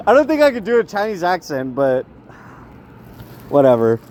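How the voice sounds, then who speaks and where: A young man ranting in a rambling street vlog, agitated, swinging from loud outbursts to low muttering. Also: huge pitch swings, normal speed, long pauses, slight background noise. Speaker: vlogger.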